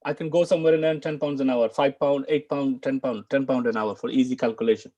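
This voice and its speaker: The recording is lo-fi: a British man from the United Kingdom, an Arabic and Quran teacher, leads an online lesson at a fast clip. His medium-pitched voice is dark with fairly even intonation, and he stresses key words and repeats phrases for learners in British English.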